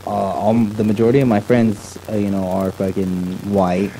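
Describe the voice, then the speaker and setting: Candid low-voiced man in casual talk. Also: little pitch movement, moderate pace, dark tone, a little hiss or hum, rough recording. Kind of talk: casual conversation.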